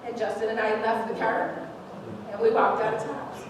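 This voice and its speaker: A woman in her forties shares a heartfelt, emotional testimony before a congregation, her voice a touch high. She laughs through tears as she speaks. The sound comes from a distance in a big, echoing church hall with noticeable background noise. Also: fairly even intonation, normal speed. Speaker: church member giving a testimony. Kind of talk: personal testimony at a church service. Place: church sanctuary. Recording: echoey church hall, distant mic, noisy.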